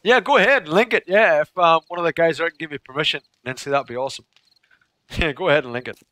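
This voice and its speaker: A man's voice: a little high, fast talker, bright, forceful tone. A man chatting casually with his viewers during a game livestream. He laughs often. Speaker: game streamer.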